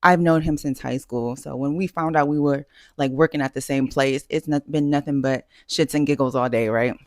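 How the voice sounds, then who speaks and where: A woman's voice: rumbling low, fairly even intonation, moderate pace, a little mellow, no room sound, studio quality. Self-assured woman giving chatty advice. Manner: chatty and self-assured, emphatic, full of fillers and restarts. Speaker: vlogger giving dating advice. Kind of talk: casual talking-head advice.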